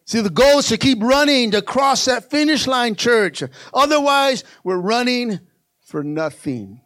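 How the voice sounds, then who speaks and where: High-voiced male pastor preaching passionately. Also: lively intonation, a little slow, no echo, studio quality. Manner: passionate preaching that swings from soft asides to loud climaxes. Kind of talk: sermon.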